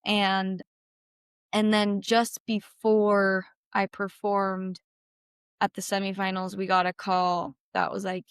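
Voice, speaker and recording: A woman's voice: monotone, takes it slowly, clean tone, dry recording, studio quality. A young woman, a guest on an interview show, telling a personal story of loss, speaking casually and saying "like" often. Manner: heavy use of "like", quotes herself in a higher voice.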